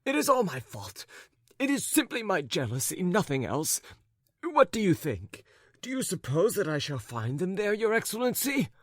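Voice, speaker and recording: In a full character voice pitched above his own, a man plays a flustered, jealous husband whose voice sits high and swoops wildly. He stammers, fawns and babbles eagerly at a normal pace, recorded in studio quality with no echo.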